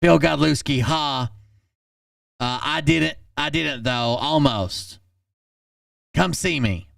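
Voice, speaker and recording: A man hosting a channel, reading text messages aloud in a flat, deadpan way and adding blunt asides. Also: on the high side, takes it slowly, gravelly, no echo, studio quality, far from the mic.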